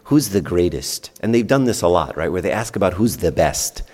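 Male priest, low voice, conversational sermon, long church reverb. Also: animated, normal speed, a little mellow. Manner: conversational, uses rhetorical questions and acted-out dialogue.

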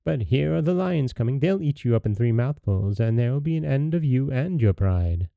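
A man's voice: mid-range voice, expressive, moderate pace, gravelly, dry recording, muffled recording, pitched above the performer's own voice. A man voicing a malicious little dwarf who talks in a wheedling, spiteful way.

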